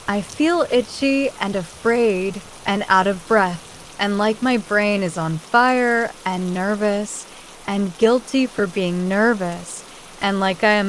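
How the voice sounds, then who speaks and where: Slow, measured woman reading an audiobook. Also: mid-range voice, slight background noise, poor audio. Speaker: audiobook narrator. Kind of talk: first-person audiobook reading.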